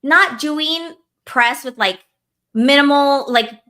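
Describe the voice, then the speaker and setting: Bright-voiced woman ranting heatedly. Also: high-pitched, slow pace. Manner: heated, profane, lots of "like" fillers. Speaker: podcast co-host. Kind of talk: casual ranting chat.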